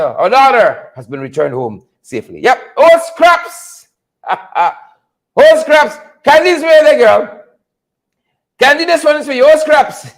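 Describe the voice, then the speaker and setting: A man hosting a live political commentary show, calling out viewers by name and repeating catchphrases. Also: extremely high pitch. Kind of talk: casual live-stream commentary.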